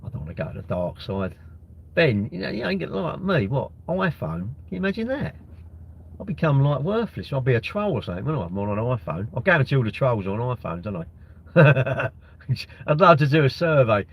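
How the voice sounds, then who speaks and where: A man's voice: mid-range voice, sing-song, fairly quick, breathy edge, highs cut off. A young man hosting a casual livestream, reading out comments and bantering with sarcastic, rambling jokes. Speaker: livestream host.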